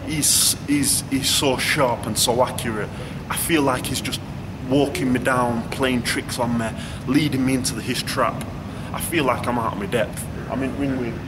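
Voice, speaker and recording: Fighter, young, mid-pitched, candid and rambling, heavy background noise with passing traffic. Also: male voice, fairly even intonation, normal speed, hardly any pauses. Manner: frank, rambling, many fillers and restarts. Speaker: boxer being interviewed. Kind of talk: casual interview answers.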